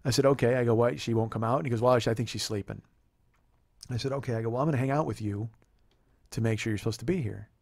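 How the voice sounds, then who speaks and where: A man's voice: mid-range voice, fast talker, creaky, a little mellow, dry recording, clean studio sound. A man in his forties, a comedian host telling a heated, profane story and acting out the dialogue.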